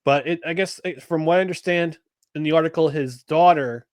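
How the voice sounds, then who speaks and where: A man's voice: fairly high pitch, fairly quick, a little mellow, no room sound, clean studio sound. Rambling sports podcast co-host, man. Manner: rambling, many restarts and fillers. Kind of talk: casual sports chat.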